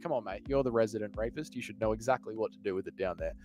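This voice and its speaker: A man runs a casual live stream, answering viewers' chat with crude, teasing banter. His voice sits slightly high, and faint music plays underneath. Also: fast, few pauses. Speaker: livestream host reading chat.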